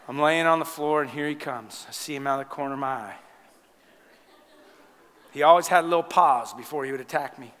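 A man preaches a sermon, telling stories with lively energy and laughing along. His voice is bright and a touch high. It rings with a long reverb in a church sanctuary. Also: brisk, pauses often. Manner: animated storytelling, laughing at his own stories. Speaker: pastor.

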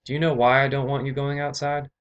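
A man's voice: mid-range voice, level tone, fast talker, clear, resonant tone, dull audio, lightly acted. A man voicing a stern, commanding noble father who is an earl, speaking firmly with a raised voice.

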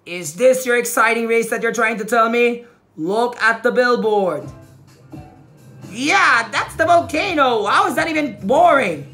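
A woman commentating her racing game play, excitable, swearing and yelping. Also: fairly high pitch, measured pace. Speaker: gaming channel host. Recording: roomy, distant from mic. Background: game music.

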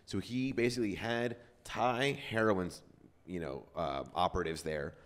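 A man's voice: low-pitched, steady tone, normal speed. A man hosting a podcast, telling a story in loose casual chat with lots of fillers and swearing. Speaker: podcast host.

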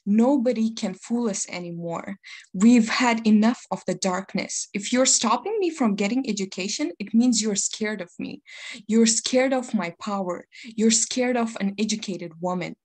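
A woman's voice: medium pitch, moderate pace, a little mellow. Impassioned young woman. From Afghanistan. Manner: earnest, impassioned. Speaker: youth community founder. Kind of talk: personal testimony at an online panel.

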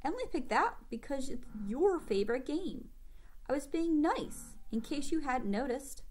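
A woman voicing a calm, clever young girl in a read-aloud storybook, talking in a reasoning way. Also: high voice, moderate pace, voice pushed up. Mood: hurt.

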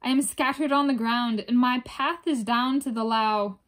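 A woman's voice: on the high side, moderate pace, a bit bright, natural voice. Stubborn talking foot-water, voiced by a woman. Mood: refusing. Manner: plain refusal.

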